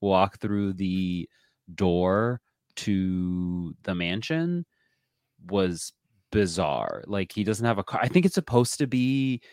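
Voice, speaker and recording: A man's voice: low voice, animated, slow, a little mellow, no room sound. Talkative man podcast co-host, dry sound. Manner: talkative, laughs often, hedges and restarts. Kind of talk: casual recap chat.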